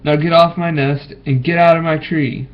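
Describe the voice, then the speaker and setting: A man's voice: a little high, fairly even intonation, moderate pace, pitched above the performer's own voice, natural voice. A man voicing a lazy, bossy female bird in a raised, demanding voice while reading a storybook aloud. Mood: indignant. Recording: dull lo-fi recording.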